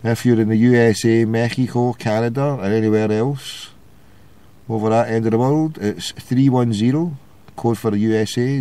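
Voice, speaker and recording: A man's voice: medium pitch, normal speed, mellow, smooth. Sweary Glaswegian man ranting. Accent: Glasgow Scottish. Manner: sweary, sarcastic, combative. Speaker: radio show host. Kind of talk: ranting opinion monologue.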